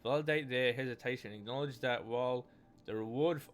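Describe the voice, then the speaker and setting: A man's voice: medium pitch, a little fast. A man giving casual gameplay commentary, reading in-game texts aloud in a rambling, hesitant way with many restarts. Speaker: let's play gamer.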